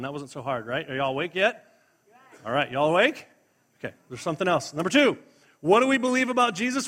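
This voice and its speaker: A man's voice: high-pitched, a bit bright. A man preaching a sermon in church, calling out to the congregation to respond and quoting scripture with rising emphasis. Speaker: pastor.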